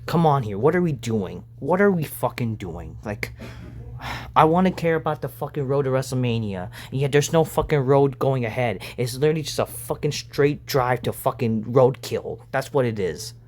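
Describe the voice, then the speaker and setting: Man, mid-pitched voice, angry rant, profane, exasperated, sighing. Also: animated, normal speed, a little hiss or hum. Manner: profane, exasperated, frequent sighs. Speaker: wrestling show reviewer. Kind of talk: angry ranting review.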